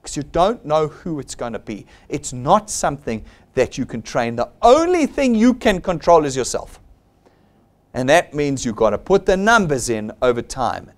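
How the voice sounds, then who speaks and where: A man's voice: mid-range voice, very animated, moderate pace. A middle-aged man giving a motivational business seminar in an emphatic, exhorting manner. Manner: emphatic and exhortative, acts out quoted voices. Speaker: seminar presenter for his company.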